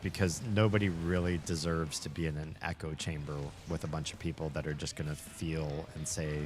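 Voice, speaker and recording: A man's voice: very deep voice, level tone, fairly quick, noisy background. A male streamer hosting a casual chat while gaming, rambling thoughtfully and laughing often. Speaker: streamer and host.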